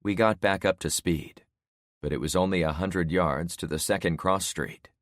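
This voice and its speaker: A man narrating a story in first person with a steady, measured reading, close to the mic. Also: low voice, no echo. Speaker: audiobook narrator.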